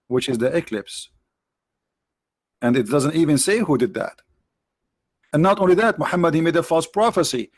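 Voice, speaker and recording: A man with non-native English phrasing hosting a livestream, mocking his subject with rhetorical questions, his voice tired and his throat often cleared. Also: mid-range voice, a little mellow, no echo. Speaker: livestream host. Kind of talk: mocking debate commentary.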